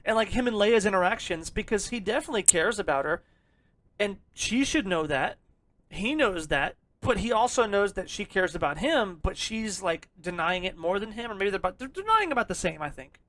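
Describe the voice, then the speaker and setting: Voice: mid-range voice, sing-song, fairly quick, fairly bright tone, no echo. A podcast co-host in loose, casual conversation, rambling and swearing freely and laughing often. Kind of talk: casual chat.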